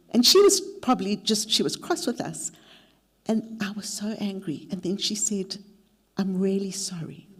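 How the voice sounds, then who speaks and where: A woman's voice: mid-range voice, normal speed, a little mellow. A middle-aged woman leading a mentorship workshop, mixing practical advice with a candid, self-deprecating personal story. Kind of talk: workshop talk with personal anecdote.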